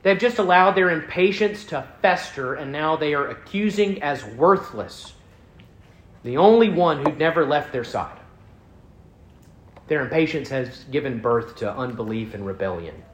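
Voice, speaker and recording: A man preaching a sermon as pastor, earnest, building emphasis and then dropping soft. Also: on the high side, lively intonation, measured pace, echoey room, a little hiss or hum.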